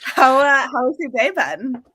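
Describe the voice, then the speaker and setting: A woman with a fairly high, bright voice co-hosts a live stream in easy, chatty talk full of fillers. The sound is dry and close, as on a video call. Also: sing-song, measured pace, slightly rough, no room sound. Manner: chatty, upbeat, frequent fillers. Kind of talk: casual chat. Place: home or office, working from New York.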